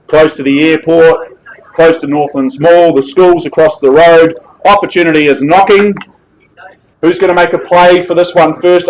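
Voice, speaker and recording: A man's voice: a little high, slight background noise, poor audio. A man with a New Zealand accent calling a live property auction with jovial, persuasive patter.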